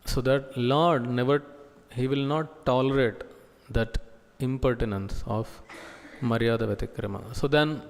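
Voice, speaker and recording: A man delivers a sermon-style scripture class in a slow, measured way. He halts often, pausing to search for words. His mid-pitched voice carries a long echo from a temple hall. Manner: slow, halting delivery with many pauses and fillers. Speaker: preacher giving scripture class.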